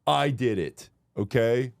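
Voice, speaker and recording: A man co-hosting a casual comedic podcast, swearing freely and jumping into shrill mock voices when he tells a story. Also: slow pace, gravelly, no echo, studio quality. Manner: profane, acts out shrill voices in anecdotes. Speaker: podcast co-host.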